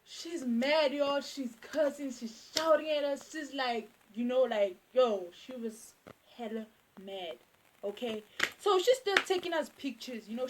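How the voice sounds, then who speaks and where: A young South African woman telling a casual storytime, animated and repeating phrases for emphasis. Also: high voice, a little slow, very noisy. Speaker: YouTuber.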